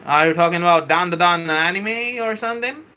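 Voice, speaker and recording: A man hosting a live stream, chatting with viewers, reading their comments aloud and explaining a software model, often saying "bro" and "kindly" and correcting himself as he goes. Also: high voice, brisk, slight background noise. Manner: self-correcting, hesitant restarts. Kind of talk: casual live-stream teaching.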